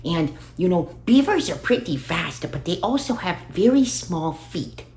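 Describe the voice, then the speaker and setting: A woman telling an improvised children's story in a rambling, unhurried way, with fillers. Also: on the low side, very animated, darkish tone, echoey room.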